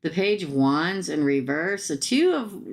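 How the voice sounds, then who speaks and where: Low-voiced woman doing chatty tarot readings. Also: big pitch swings, unhurried. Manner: chatty, talks straight to viewers and comments; casual and blunt, with slangy asides. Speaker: tarot reader. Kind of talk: live-stream tarot reading.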